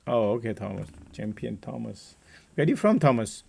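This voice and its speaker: A man's voice: mid-range voice, very animated, normal speed, creaky, warm tone, breathy edge. A man hosting a live trading stream, giving casual market commentary and chatting with viewers by name.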